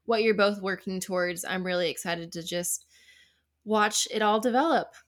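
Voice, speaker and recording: A woman's voice: mid-range voice, moderate pace. A young woman hosting a podcast interview, encouraging and upbeat. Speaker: podcast host. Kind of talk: casual interview chat.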